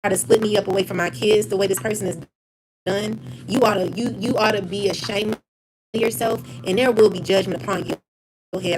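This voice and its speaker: A vlogger vents angrily to camera in a profane personal rant, her mid-range voice fairly even in intonation and fairly quick over a noisy background. She is heated and repetitive, with many repeated phrases and restarts.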